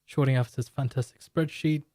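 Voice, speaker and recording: A man's voice: mid-range voice, fairly even intonation, brisk, dark tone, no echo, clean studio sound. A man hosting a live market stream, explaining in a loose, rambling way and joking with chat viewers. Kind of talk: live market commentary and product pitch.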